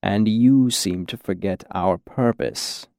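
A man voicing a cool, patient, menacing shadowy lord who speaks softly and with careful measure. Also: mid-range voice, takes it slowly, dry recording, clean studio sound. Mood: cold, patient.

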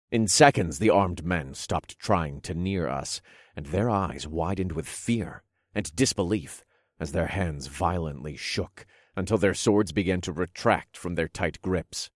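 A man with a very deep voice narrates a dark fantasy audiobook in a dramatic storytelling manner. The recording is dry and close, with no room sound. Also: dry recording.

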